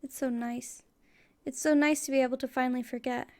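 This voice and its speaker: A woman's voice: sits high, fairly even intonation, a little fast, darkish tone, lightly acted. A woman voicing a fragile, ghostly woman who speaks shakily and tearfully over a crackling intercom in a game. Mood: shaky. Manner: shaky, tearful.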